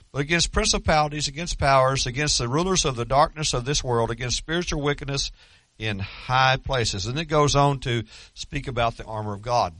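A man's voice: medium pitch, a bit bright, no echo. A middle-aged man preaching a sermon as pastor, telling stories earnestly with self-deprecating humor.

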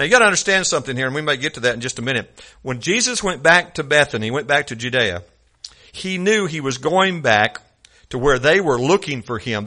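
A man's voice: a little high, bright, forceful tone. A man preaching a sermon in a folksy storytelling manner, acting out scripture scenes.

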